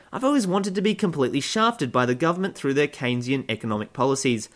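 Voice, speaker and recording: A man's voice: mid-range voice, sing-song, fast talker, hardly any pauses, fairly bright tone. A man hosting satirical news commentary, delivering figures straight and then cutting in with sarcastic, mock-cheerful jokes. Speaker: comedy news host.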